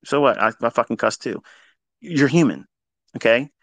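A man teaching trading in a live audio talk, blunt and heavily profane, swinging between loud emphatic bursts and quieter asides. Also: medium pitch, moderate pace, dry recording. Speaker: trading educator.

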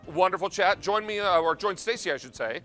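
Male shopping-channel host, chatty and emphatic, slightly high voice, faint music under. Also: animated, a little fast, bright, forceful tone. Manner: upbeat, chatty, emphatic sales pitch. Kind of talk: live TV shopping presentation. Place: TV studio kitchen.

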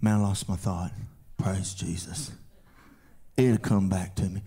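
A male pastor preaching a revival sermon in a church, rising into shouted, sing-song climaxes and firing questions at the congregation. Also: low voice, measured pace, slightly rough. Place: church sanctuary during a live service.

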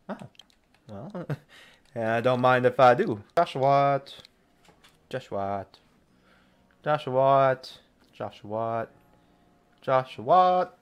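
A young man playing a video game and commenting casually, excitable and laughing often, sometimes reading the game's lines out in silly voices. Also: mid-range voice. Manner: excitable, laughs a lot, shouts and mocks game dialogue. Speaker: gaming streamer. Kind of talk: casual let's-play commentary.

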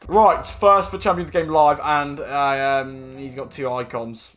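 A young man commenting on his own online football match, swearing often and swinging from frustrated mutters to excited shouts. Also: mid-range voice, normal speed, faint music behind. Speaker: gaming YouTuber. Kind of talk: live gameplay commentary.

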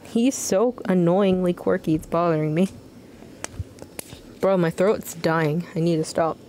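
A woman's voice: fairly low pitch, steady tone, a little slow, dark tone, a little hiss or hum. A young woman streaming a game live, giving profane, slang-filled joking commentary.

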